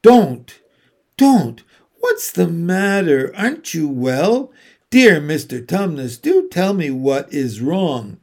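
A man's voice: on the high side, very animated, measured pace, darkish tone, heavily acted. A man voicing an earnest, kind young girl in a storybook reading, pleading with a friend.

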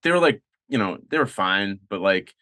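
A man's voice: fairly low pitch, expressive, normal speed, bright, forceful tone, no echo, clean studio sound. A man chatting casually with friends, rambling with lots of fillers and restarts. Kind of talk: casual chat.

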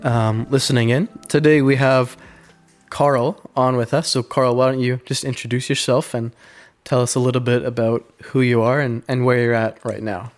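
A man's voice: medium pitch, flat delivery, moderate pace, soft background music. A man with a sick voice, hosting a casual podcast interview in a friendly, loose manner with hesitant fillers. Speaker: podcast host.

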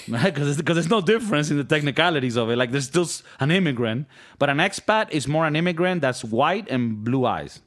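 A man's voice: a little high, expressive, a little fast, fairly bright tone. A young man with a Venezuelan Spanish accent, co-hosting a podcast in casual, joking, rambling chat. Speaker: podcast co-host.

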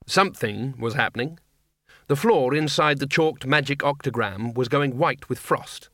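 A man narrating a comic fantasy audiobook in a measured, dry storytelling manner. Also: mid-range voice, bright, forceful tone, no echo.

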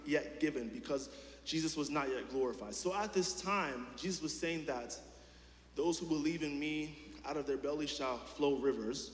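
A man preaching a sermon in a casual, chatty way, full of fillers and restarts and questions put straight to the congregation. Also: fairly high pitch. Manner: talks directly to the congregation with questions. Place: church hall. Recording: echoey hall with long reverb.

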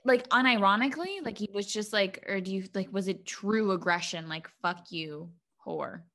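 A woman's voice: medium pitch, fairly quick, a bit bright. A young woman co-hosting a podcast, chatting casually, swearing freely and filling with "like" and "um". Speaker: podcast co-host.

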